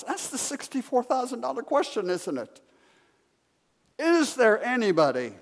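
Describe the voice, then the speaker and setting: A man's voice: extremely high pitch, big pitch swings, unhurried. A male pastor preaching a sermon, telling a story and asking the congregation questions. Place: church sanctuary. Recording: long reverb of a sanctuary.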